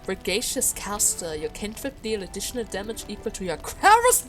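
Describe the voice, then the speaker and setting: A woman's voice: a little high, sing-song, normal speed, hardly any pauses, a bit bright, faint music behind. A woman giving casual, giggly commentary while playing a video game and reading item text aloud. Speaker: let's play gamer.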